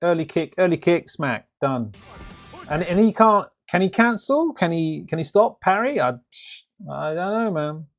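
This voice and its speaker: Male streamer, gravelly voice, rambling live reaction chat, lots of restarts, faint music under him. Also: high voice, expressive, unhurried. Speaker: stream host reacting to a game trailer. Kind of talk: casual live reaction commentary.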